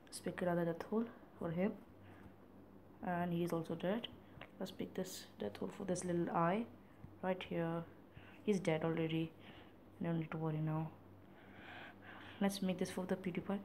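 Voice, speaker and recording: A man casually commenting on his own gameplay in a playful, chatty way, sometimes dropping into soft whispery asides. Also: high-pitched, steady tone, normal speed, long pauses, a little hiss or hum. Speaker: gaming channel host.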